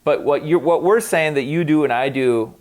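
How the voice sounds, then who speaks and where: A man's voice: fairly high pitch, normal speed, a little mellow. A man co-hosting a podcast, talking frankly and with some swearing in casual chat, often acting out quoted lines. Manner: frank and profane, acts out quoted dialogue. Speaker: podcast co-host.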